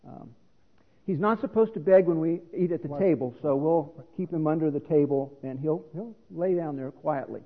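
Husky high-voiced man preaching. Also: normal speed. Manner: teaching, explanatory, earnest. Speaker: pastor. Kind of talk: sermon. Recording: reverberant hall on a phone-like line.

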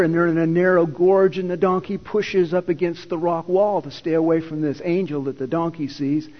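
A man preaching, retelling a scripture story in a lively, conversational manner, his voice sitting a little high. The sound rings in a long hall reverb and comes through dull and lo-fi. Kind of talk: sermon.

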